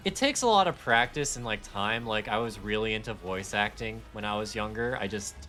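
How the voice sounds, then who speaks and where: Male gaming streamer, low-ish voice, bright and edgy, rambling casual chat, faint music behind. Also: animated, fairly quick. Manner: rambling, self-deprecating, slips into accents.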